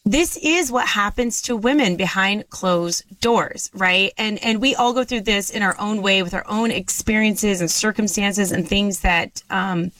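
A woman hosts a faith podcast in a bright, forceful voice. She asks her guest earnest questions, and the sound is dry and close. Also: mid-range voice, no room sound, poor audio. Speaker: podcast host.

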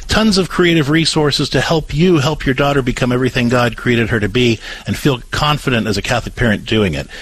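A man's voice: mid-range voice, a bit bright, husky, rough recording. A man co-hosting a call-in advice radio show, coaching step by step and acting out example phrases. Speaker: radio co-host.

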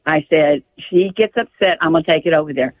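An older woman with a low voice calls in to a radio show and briskly tells a painful family story, pleading and stumbling over her words. She speaks over a telephone, so the line sounds tinny, and the recording is dry.

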